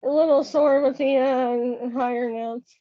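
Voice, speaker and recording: A woman's voice: high-pitched, fairly even intonation, a little slow, no room sound, muffled recording. A woman taking a singing lesson, answering her teacher in short, hesitant replies. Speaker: singing student.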